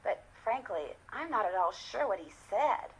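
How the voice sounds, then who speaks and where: A woman's voice: mid-range voice, very animated, moderate pace, breathy edge, exaggerated voice, low-quality recording. An actress voicing a polite, inquisitive young female detective in a video game, game music behind her. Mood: curious. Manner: polite, questioning.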